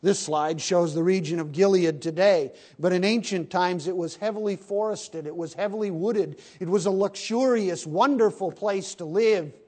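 A man preaching a sermon, swinging between hushed lines and loud, emphatic bursts. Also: sits high, normal speed, few pauses.

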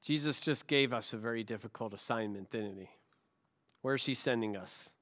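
Preaching in a mid-range voice, this male pastor asks rhetorical questions and shifts back and forth between soft, slow delivery and booming emphasis.

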